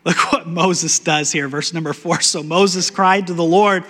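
Brief: high-pitched male pastor, casual and emphatic, echoing sanctuary sound. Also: steady tone, a little slow, few pauses. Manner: conversational, playfully emphatic, trails off into soft repetitions. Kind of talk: sermon with Bible reading.

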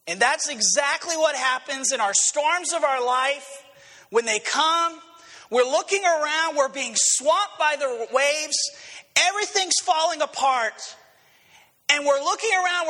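A man preaching a sermon, dramatic and storytelling, dropping low and then rising to shouts. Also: measured pace, long reverb tail. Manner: dramatic, swings between quiet and shouted quotes. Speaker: pastor.

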